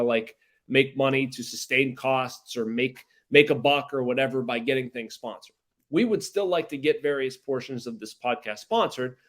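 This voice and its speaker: A man from Pittsburgh chats casually as a podcast co-host. He talks in an animated, rambling way, often restarting his sentences. His voice sits at an ordinary middle pitch. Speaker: podcast co-host, baseball journalist.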